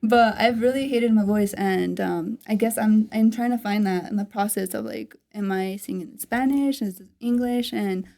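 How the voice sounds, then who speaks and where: A young woman with a raspy voice hosting a casual podcast chat, laughing often and swearing freely. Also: medium pitch, moderate pace, few pauses, dark tone. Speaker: podcast host.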